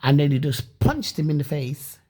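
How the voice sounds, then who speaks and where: Husky-voiced woman telling a rambling story. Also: low voice, moderate pace. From Leeds, England. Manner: rambling and animated, many restarts and swearing. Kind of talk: casual personal storytelling.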